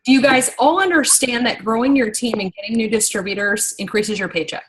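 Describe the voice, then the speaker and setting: A young adult woman leading a business team meeting in a casual, animated, rambling way, getting worked up and talking fast when excited. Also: on the high side, a little hiss or hum, poor audio. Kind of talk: casual motivational training talk.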